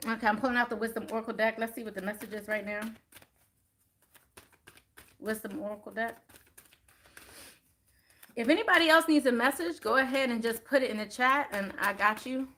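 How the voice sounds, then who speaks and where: A woman hosting a spiritual card-reading live stream. She chats casually with her viewers, calls them y'all, and gets animated and louder on the points she stresses. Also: a little high, a little fast, long pauses. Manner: chatty and animated, rising louder on emphasis.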